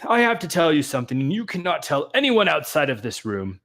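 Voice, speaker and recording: A man's voice: fairly high pitch, big pitch swings, fairly quick, fairly bright tone, voice pushed up. A jittery, heavyset town mayor , put on by a man running a tabletop game, who trips over his words and pleads in an anxious rush. His voice climbs a little above an ordinary speaking tone. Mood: confessing. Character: nervous sweating large male town mayor.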